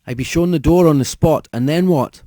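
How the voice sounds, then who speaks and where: A scheming young woman who coaxes and teases, pitched well above the reader's own voice, as a male narrator puts her on. The tone stays mellow and warm, in a dry, close recording. She sounds coy and calculating. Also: moderate pace, no echo, close to an everyday voice. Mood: coaxing. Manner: coaxing, calculating, teasing.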